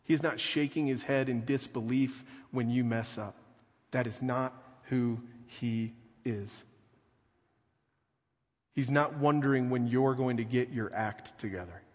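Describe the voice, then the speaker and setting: A male pastor preaching in an earnest, unhurried way, letting his voice fall soft and quiet to drive a point home. His medium-pitched voice rings out with a long reverb, as if filling a large church hall. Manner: slow, earnest preaching with soft dramatic drops. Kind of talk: sermon.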